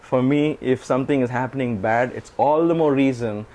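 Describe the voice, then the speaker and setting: Man telling a story with animated quotes. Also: medium pitch, normal speed. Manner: animated, acts out quoted speech, laughs often. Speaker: interview guest. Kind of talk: storytelling in an interview.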